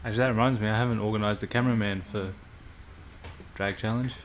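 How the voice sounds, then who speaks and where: A man's voice: lowish voice, fairly even intonation, quick pace, slight background noise. A man hosting a live stream, chatting casually and bluntly with viewers and swearing freely. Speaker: livestream host.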